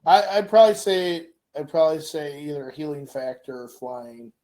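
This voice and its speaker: Man, middle-aged, co-host, casual chat, lively storyteller, slightly higher voice. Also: moderate pace. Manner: animated storyteller, acts out voices. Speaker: co-host asking questions.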